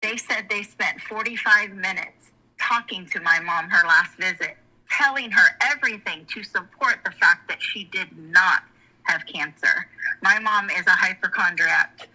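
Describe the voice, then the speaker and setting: A woman's voice: mid-range voice, a little slow, pushed and bright, low-quality recording. A middle-aged woman, candidly telling a personal story in conversation, frank and emotional and often rambling with restarts. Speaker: guest.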